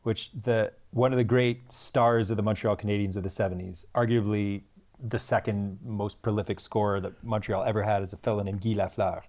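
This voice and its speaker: A tired man, chatting casually with a friend while they solve a crossword together, quick to laugh at his own jokes. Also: lowish voice, fairly even intonation, darkish tone. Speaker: podcast co-host. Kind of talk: casual chat solving a crossword. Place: Kathmandu.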